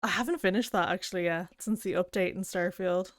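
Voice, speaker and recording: A woman's voice: fairly low pitch, brisk, no echo, studio quality. A woman streamer chatting casually with viewers, rambling and self-deprecating with plenty of giggles. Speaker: game streamer. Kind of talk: casual chat.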